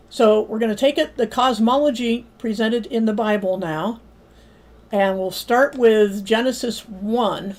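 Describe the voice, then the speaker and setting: A woman lecturing at a livestreamed Bible study, at a mid pitch for a woman. She argues her points step by step. She stops now and then to ask her viewers for comments. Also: a little mellow. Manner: argumentative, pausing to invite viewer comments.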